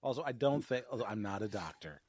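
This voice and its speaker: A man's voice: fairly low pitch, animated, fast, a little mellow, no room sound, clean studio sound. A man co-hosting a podcast, recapping an episode in casual chat with wry, teasing remarks. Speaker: podcast co-host.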